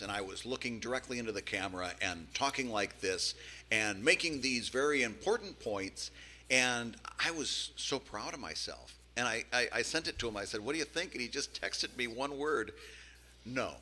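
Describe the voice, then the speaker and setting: A man co-hosting a podcast in casual chat, telling stories in an animated, self-deprecating way with many restarts. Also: medium pitch, normal speed, a little hiss or hum. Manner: animated, self-deprecating, repeats words while storytelling. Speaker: podcast co-host.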